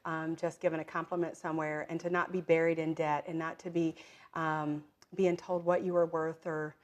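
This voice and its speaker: A woman's voice: deep voice, normal speed. A middle-aged woman talking as an entrepreneur guest in a casual interview, full of "um" and "like", often acting out quoted voices and laughing. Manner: lively storyteller who acts out quoted voices and laughs often; many fillers like "um" and "like". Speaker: guest, direct-selling entrepreneur.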